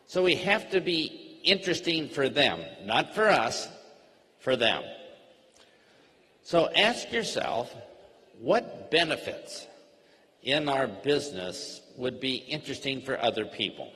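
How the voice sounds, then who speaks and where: Brief: male trainer, mid-pitched, slow clear teaching delivery, long reverb. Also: lively intonation, fairly bright tone. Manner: slow, plainly worded, acts out sample dialogue. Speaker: network marketing trainer. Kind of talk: slow, simple teaching talk.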